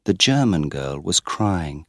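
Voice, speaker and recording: Slow, deep-voiced male storyteller. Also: big pitch swings, no room sound, clean studio sound. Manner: slow and clear for learners. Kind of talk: graded-reader story narration.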